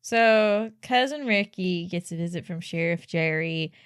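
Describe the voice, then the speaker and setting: A woman with a fairly low voice recaps a horror movie on a podcast in a casual, wry way. She drops deadpan quips and slips into playful voices for the characters. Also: a little slow, clear, resonant tone. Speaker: podcast co-host.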